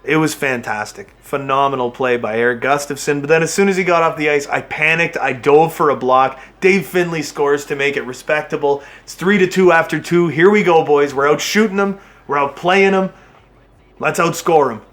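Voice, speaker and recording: Man, fairly high voice, excitable hockey game play-by-play, yells at his players. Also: normal speed. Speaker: gaming channel host. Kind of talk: game commentary.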